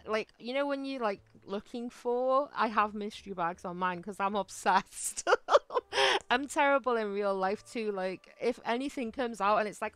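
A woman's voice: medium pitch, normal speed, a bit bright, smooth, dry recording. A woman streaming a video game live, chatting casually and giggling as she talks straight to her viewers. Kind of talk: casual live-stream chat while playing.

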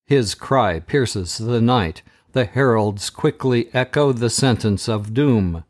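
A man hosting a podcast, reading a story chapter aloud in a dramatic, measured way. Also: medium pitch. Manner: slow, measured and dramatic, with raised voices for quoted shouts.

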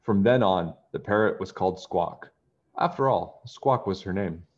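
A man reading a children's pirate story aloud, expressive, with chatty asides to young listeners. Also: low-pitched, normal speed, lo-fi sound. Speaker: children's book reader.

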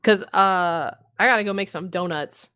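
A woman's voice: lowish voice, moderate pace, bright, forceful tone. A woman co-hosting a podcast in casual chat about tabletop games, laughing often, swearing casually and mocking herself. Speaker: podcast co-host.

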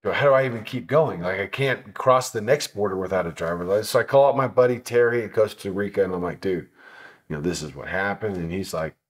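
A man telling a travel story in a casual sit-down interview, animated and swearing, acting out what people said. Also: lowish voice, quick pace. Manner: animated, swearing, acts out quotes. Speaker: motorcycle traveler telling his trip.

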